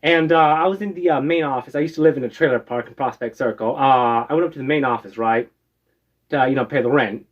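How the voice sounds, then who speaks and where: A man's voice: medium pitch, quick pace. An American man casually telling stories from his past, rambling with lots of "uh"s and a habitual "right?". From United States. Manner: rambling, many "uh"s and tag "right?". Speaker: storyteller. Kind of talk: casual storytelling. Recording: dull lo-fi recording.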